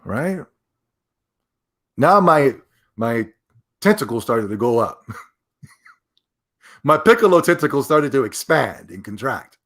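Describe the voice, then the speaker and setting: A man's voice: mid-range voice, expressive, moderate pace, long pauses, fairly bright tone. Male streamer, mid-range voice, rambling sarcastic reaction commentary. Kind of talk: casual commentary.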